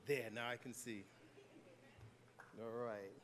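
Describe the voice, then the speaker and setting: A man's voice: medium pitch, fairly even intonation, takes it slowly, a bit bright, slight background noise. An older man on a school's staff presenting graduation awards, jovial and joking with the crowd.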